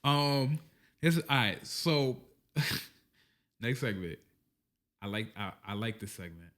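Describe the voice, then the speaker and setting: A man's voice: mid-range voice, animated, slow pace, a bit bright. A man hosting a podcast, chatting casually in a blunt, profane, joking way. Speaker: podcast host. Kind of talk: casual chat.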